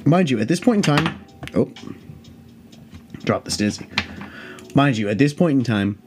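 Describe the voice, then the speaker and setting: A man in his late twenties hosting a podcast, telling a story in a casual, rambling way, profane and animated. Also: mid-range voice, normal speed, noisy background. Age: late 20s. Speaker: podcast host.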